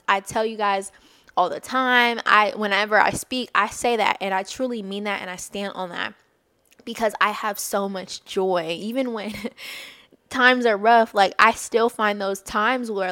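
A woman's voice: mid-range voice, fairly bright tone, dry recording. A woman hosting a podcast, giving an earnest, faith-based talk of encouragement and often laughing mid-sentence. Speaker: podcast host.

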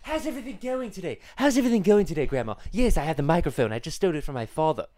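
A man's voice: a little high, animated, rapid-fire, warm tone, no echo, clean studio sound, lightly acted. A young man putting on the voice of an arrogant, scheming cartoon baby boy who speaks haughtily and makes threats. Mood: haughty.

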